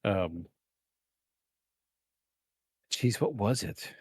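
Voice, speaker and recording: A man hosting a live podcast in casual chat, rambling with many fillers and clearing his throat from allergies. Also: fairly low pitch, animated, extremely slow, darkish tone, no echo. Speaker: podcast host. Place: home setup in the eastern US.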